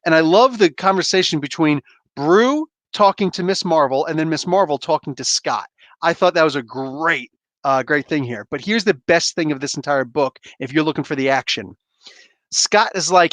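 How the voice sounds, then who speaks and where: A man's voice: on the high side, expressive, moderate pace, a bit bright, no room sound. A man hosting a casual comic book spoiler review, rambling enthusiastically with slangy asides.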